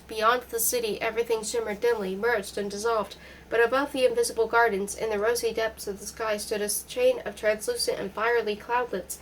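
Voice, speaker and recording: A woman narrating a literary novel in a measured, steady audiobook style. Her voice sits slightly higher than most, and a faint hiss of background noise runs under the reading. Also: rough recording. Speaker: audiobook reader.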